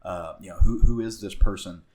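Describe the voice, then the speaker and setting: Rambling Southern podcaster man, low voice. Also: brisk, dark tone. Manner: rambling with frequent fillers and restarts. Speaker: podcast co-host. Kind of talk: casual comic book discussion.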